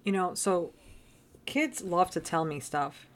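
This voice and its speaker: Soft-spoken woman telling a story. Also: fairly low pitch, expressive, slow pace. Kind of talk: casual chat, storytelling.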